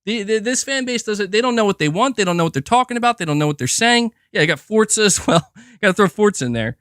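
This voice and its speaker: Young male streamer, profane and exasperated, high-pitched and very animated, recorded dry. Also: quick pace, clean tone, no echo. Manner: profane, exasperated ranting with many repeats. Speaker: gaming commentary streamer. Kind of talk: ranting livestream commentary.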